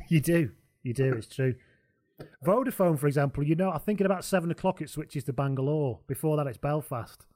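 A man's voice: a little high, lively intonation, fairly quick, a little mellow. A man hosting a casual sports chat, delivering dry, jokey quips. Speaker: podcast host.

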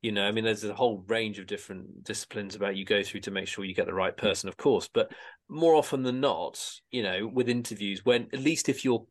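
A man's voice: fairly low pitch, fairly quick. A man hosting a casual podcast discussion, talking in a rambling way with many restarts and repeated words.

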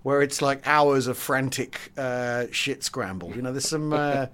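A man's voice: mid-range voice, measured pace, fairly bright tone, smooth. A man co-hosting a casual history podcast chat, rambling with many restarts and fillers. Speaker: podcast co-host.

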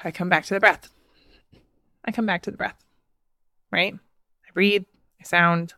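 A woman's voice: lowish voice, steady tone, unhurried, pushed and bright, no echo, studio quality. A woman in her thirties, a podcast host, telling a personal story in a casual, chatty way with frequent laughs and fillers. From United States.

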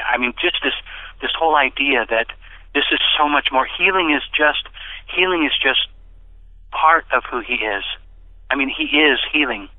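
A middle-aged man giving a personal testimony in casual conversation, animated and given to bursts of excited speech. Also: no room sound. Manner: animated storyteller who bursts into excited, high-pitched quoted speech. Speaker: interview guest. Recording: dry, tinny phone-like line.

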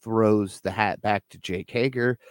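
A man's voice: fairly low pitch, steady tone, measured pace, clear, resonant tone, no room sound. A man co-hosting a podcast, recapping wrestling shows in a laid-back, casual way and laughing easily. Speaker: podcast co-host.

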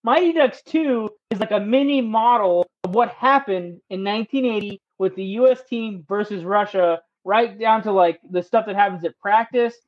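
A man's voice: sits high, normal speed, few pauses, no room sound, muffled recording. A man hosting a podcast in casual chat, rambling and swearing freely. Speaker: podcast host.

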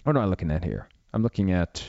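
Man, 50s, solo sports talk host, lively swings in pitch, dry dull studio sound. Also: fast talker, gravelly, no room sound. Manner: rambling, self-mocking, opinionated. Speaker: sports radio podcast host. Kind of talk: solo talk show monologue.

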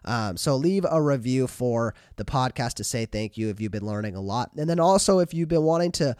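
A man hosting a podcast, talking casually and in an animated way, with lots of fillers and restarts. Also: medium pitch, a little fast, clean tone, no room sound, studio quality. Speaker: podcast host.

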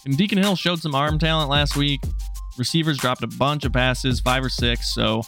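A man's voice: medium pitch, moderate pace, soft background music. A man casually and confidently explaining his football bet on a betting show. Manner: relaxed, upbeat, confident. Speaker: sports betting panelist.

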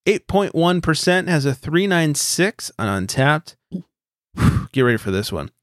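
A man's voice: on the high side, very animated, measured pace, dry recording, studio quality. A man hosting a beer podcast in loose, joking casual chat, swearing freely. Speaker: podcast host.

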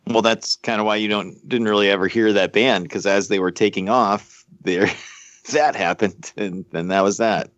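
A man's voice: on the low side, fairly even intonation, moderate pace, fairly bright tone, no room sound, muffled recording. A man co-hosting a podcast in casual chat, laid-back and rambling with many fillers and restarts. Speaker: podcast co-host.

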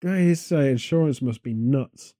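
A man's voice: medium pitch, normal speed, warm tone, dry recording, clean studio sound. Rambling man on absurd tangents. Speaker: podcast co-host. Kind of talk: rambling comedic chat.

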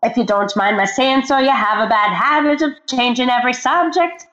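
A woman's voice: on the high side, moderate pace, a bit bright, close to an everyday voice. Lady doing an irish mom from a musical, stubborn and bickering, lilting accent, roomy muffled audio. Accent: Irish (put on). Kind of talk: sung lines recited as dialogue.

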